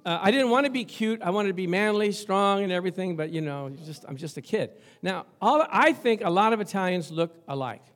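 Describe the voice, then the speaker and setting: An older male pastor delivering a sermon with a slightly high voice. He tells stories to the congregation in a lively, conversational and humorous way. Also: a little fast, few pauses.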